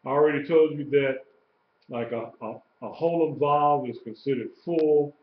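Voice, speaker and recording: A man teaching a lesson in an informal way, repeating terms and correcting himself as he goes. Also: on the high side. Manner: slow, repeats terms, many fillers and self-corrections. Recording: roomy, dull livestream audio with faint hiss.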